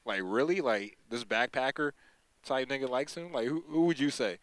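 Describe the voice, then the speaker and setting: A man interviewing a rapper in a relaxed, joking way. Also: mid-range voice, moderate pace. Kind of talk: casual interview.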